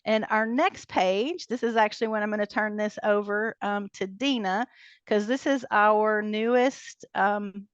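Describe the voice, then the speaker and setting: A woman presenting a training webinar over a video call. She walks through a website in a brisk, chatty way, with many ums and short laughs. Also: mid-range voice, fairly even intonation, clear, resonant tone, no room sound. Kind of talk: casual walkthrough of a website. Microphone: computer mic on a video call. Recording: dull lo-fi video call audio.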